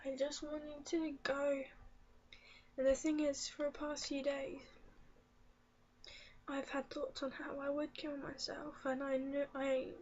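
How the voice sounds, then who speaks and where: In a confessional vlog, a teenage girl speaks slowly and softly in a high voice that halts and often sinks into a tearful whisper. Her pitch barely moves, and the recording sounds muffled and lo-fi.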